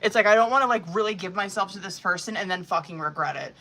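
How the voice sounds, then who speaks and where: A woman's voice: medium pitch, fast, fairly bright tone, a little hiss or hum. A woman giving a live tarot reading in a casual, chatty way, swearing freely and filling her talk with "like" and "you know what I mean.". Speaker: tarot reader.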